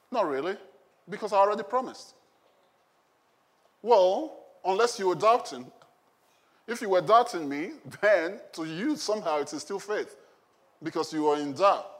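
Man preaching, high voice, chatty tone, questions to the congregation. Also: animated, a little slow, long pauses. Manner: conversational, asks the congregation questions. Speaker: pastor. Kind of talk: sermon.

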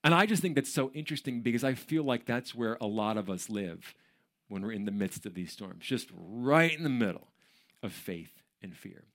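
A man's voice: fairly low pitch, moderate pace. A man preaching a sermon in a church auditorium, talking in a conversational, joking way and telling stories with energy. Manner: conversational and joking, with animated storytelling. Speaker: pastor.

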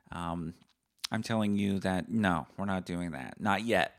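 A man in his thirties hosting a casual solo podcast, sardonic and profane, swinging into loud mock-angry rants. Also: on the low side, normal speed. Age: 30s. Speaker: podcast host.

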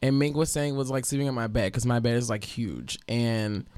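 A man's voice: mid-range voice, normal speed, a little mellow, clean tone, no room sound. A young man in casual chat, telling a story animatedly and swearing freely.

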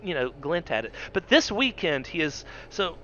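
A man's voice: fairly high pitch, normal speed. A man co-hosting a podcast, talking cynically in casual swearing banter. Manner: animated, cynical, breaks into mock voices. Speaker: podcast co-host. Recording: dull lo-fi audio with faint background noise.

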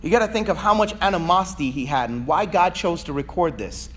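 A man preaching a sermon, swinging between fervent shouting and quiet, conversational asides. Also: on the high side, expressive, brisk. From Virginia, USA. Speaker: pastor.

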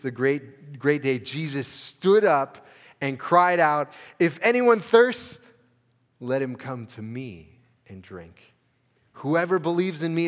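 A male pastor from the United States delivers a sermon with earnest conviction, rising to emphatic peaks before falling back to hushed, quiet phrases. His voice sits at an ordinary middle pitch. The sound carries the long reverb of a church sanctuary. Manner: earnest preaching, building to emphatic peaks and dropping soft.

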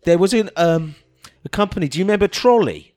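A man's voice: high-pitched, animated, brisk, a little mellow. A man with a British accent co-hosting a comedy podcast, mocking and crude in casual banter. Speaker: podcast co-host.

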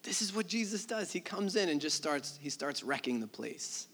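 A man preaching a sermon, telling the story in a conversational, animated way with acted-out asides. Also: fairly high pitch, moderate pace. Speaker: pastor.

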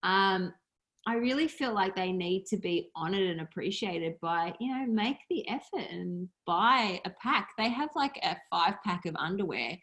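A woman's voice: mid-range voice, lively intonation, moderate pace, fairly bright tone. A woman, a podcast guest talking candidly and animatedly in casual chat, with the odd swear word.

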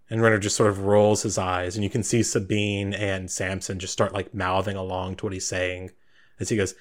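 A man's voice: low voice, level tone, normal speed. A man narrating scenes in an easygoing way as game master of a tabletop game.

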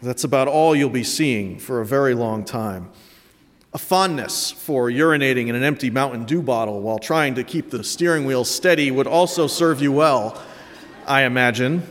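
A man in his late thirties from Connecticut preaching an Easter sermon, telling a story with reflective warmth and dry self-mocking humor. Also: mid-range voice, moderate pace, in a large hall. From Connecticut, USA. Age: late 30s. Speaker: pastor.

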